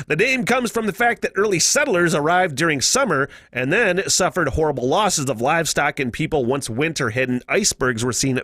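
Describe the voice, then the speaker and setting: Animated, profane American podcast guy. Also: fairly high pitch, no room sound. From United States. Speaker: podcast host. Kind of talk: casual solo podcast chat.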